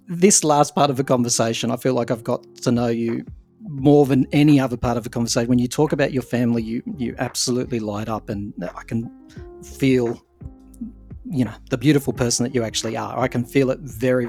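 A man's voice: medium pitch, fairly even intonation, fairly quick, darkish tone, faint music behind. A man with an Australian accent hosting a podcast interview, teasing and affectionate, laughing often. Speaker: podcast host. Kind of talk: casual interview chat.

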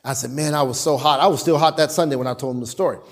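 A middle-aged man pastor preaching a sermon with dramatic pauses and call-and-response. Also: on the high side.

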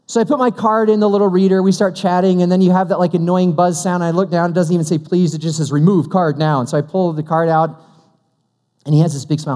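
A man's voice: high voice, fairly even intonation, quick pace, a little mellow. A man preaching a Christmas sermon, conversational and humorous, acting out the dialogue of the story he tells. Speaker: pastor. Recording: long hall reverb.

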